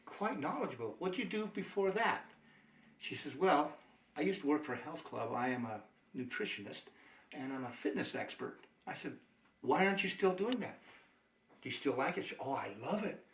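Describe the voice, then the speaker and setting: Male sales trainer, slightly high voice, animated storyteller who acts out dialogue; roomy sound, distant mic. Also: moderate pace, long pauses, a little hiss or hum. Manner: chuckling, anecdotal, animated. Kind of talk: training talk with acted-out dialogue.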